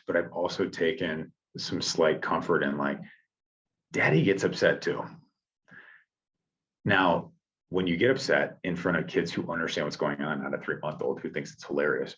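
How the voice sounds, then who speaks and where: A man talking reflectively in a casual podcast conversation, a father thinking out loud with restarts. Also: sits low, muffled recording.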